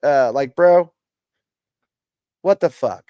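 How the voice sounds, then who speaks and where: A man's voice: mid-range voice, slow, warm tone, clear, resonant tone, no echo, dull audio. A man hosting a political livestream, ranting in casual, profane, exasperated commentary full of "bro" and "dude.".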